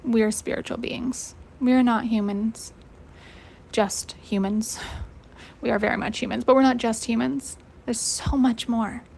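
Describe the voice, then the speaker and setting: A young woman gives a motivational coaching lesson in a relaxed, high-energy way. She talks casually, swears freely and breaks into laughter, with a fairly high voice. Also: unhurried, creaky, slight background noise. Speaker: host and life coach.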